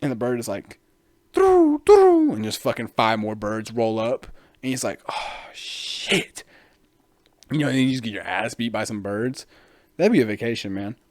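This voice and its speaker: A man hosts a casual solo podcast, rambling along, swearing freely and laughing often. His voice is fairly low with fairly even intonation and a fairly quick pace, recorded in a clean studio with no room sound.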